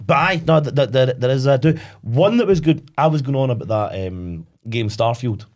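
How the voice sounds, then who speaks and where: A young Scottish man chatting casually as a podcast co-host, rambling and animated, often asking "do you know what I mean". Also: mid-range voice, normal speed. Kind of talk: casual chat.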